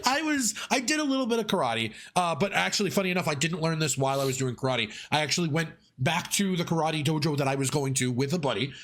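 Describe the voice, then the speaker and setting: A man co-hosting a podcast in casual chat, animated and laughing, often acting out quoted voices. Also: on the high side, fast talker, hardly any pauses. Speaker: podcast co-host.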